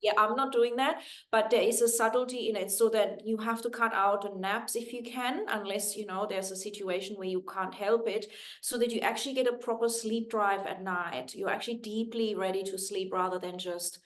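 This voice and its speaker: Soft-trailing woman explaining sleep. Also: medium pitch, fairly even intonation, normal speed. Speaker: sleep scientist guest. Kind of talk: interview explaining sleep habits.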